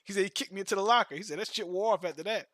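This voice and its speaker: Bright-voiced man telling stories slangily. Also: sits high, rapid-fire. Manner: loose slangy storytelling, repeats words. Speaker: streamer. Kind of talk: casual chat.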